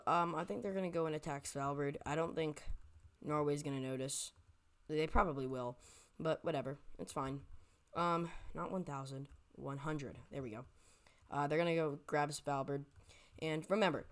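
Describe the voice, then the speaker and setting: Rambly narrator doing a what-if map vid, keeps correcting itself, jokey, smooth clear tone. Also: medium pitch. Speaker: map video creator. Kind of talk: casual map commentary.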